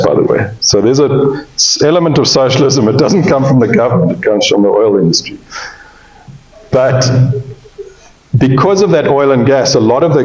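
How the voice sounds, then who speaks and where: A man's voice: medium pitch, a little mellow. A man giving a pre-sale presentation on cattle, folksy and joking, often checking in with the audience. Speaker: cattle industry speaker. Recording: roomy, slightly dull sound.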